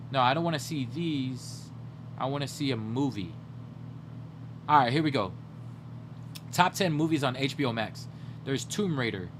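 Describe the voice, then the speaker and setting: A man's voice: medium pitch, background noise. A young man chatting casually to his livestream audience late at night while browsing movies. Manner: rambling, talks to chat while browsing.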